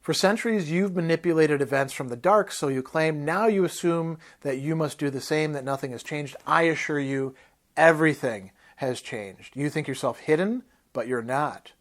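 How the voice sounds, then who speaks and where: A man's voice: a little high, moderate pace, close to an everyday voice. A man reading as a scornful barbarian warrior. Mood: contemptuous.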